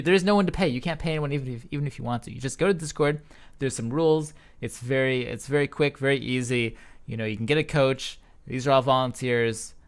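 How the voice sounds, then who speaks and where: A man's voice: mid-range voice, a bit bright. Jokey, rambling male esports caster. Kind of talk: casual esports casting chat.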